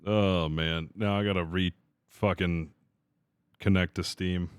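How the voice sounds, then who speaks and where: A man streaming a game live, talking to his crew and chat, swearing freely and quick to vent his frustration. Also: low voice, fairly even intonation, smooth, no room sound, studio quality. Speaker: livestreamer. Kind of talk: live gaming commentary.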